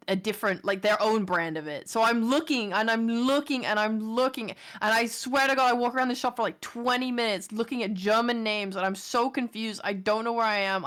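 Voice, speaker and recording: Animated woman telling a story. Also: fairly high pitch. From England. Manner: animated, swearing, laughs often. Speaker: streamer. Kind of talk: casual storytelling chat.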